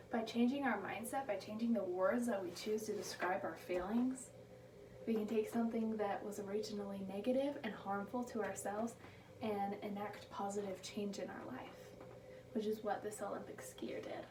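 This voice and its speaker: A woman delivering a prepared motivational speech, slowing down to stress her key phrases. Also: mid-range voice, fairly even intonation, distant mic. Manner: emphatic, slows down on key phrases. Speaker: speaker giving a motivational speech. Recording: echoey room taken from afar, background noise.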